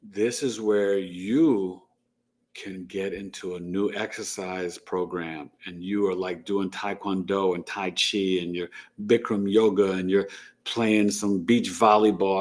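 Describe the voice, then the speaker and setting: A man hosting a casual astrology livestream, chatty and joking as he gives advice. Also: fairly low pitch. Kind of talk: casual live-stream chat.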